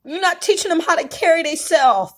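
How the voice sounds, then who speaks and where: Tearful, impassioned high-voiced woman vlogger. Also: lively intonation, fairly quick. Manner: impassioned, tearful, preacher-like cadence. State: crying at times. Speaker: YouTube vlogger. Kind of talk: emotional venting monologue.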